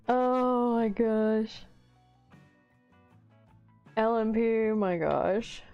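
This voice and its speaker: A woman's voice: a little high, dark tone, clear, resonant tone, lo-fi sound. A woman hosting a casual livestream from a home hobby room, bubbly, giggly and effusive as she chats with viewers. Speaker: livestream host.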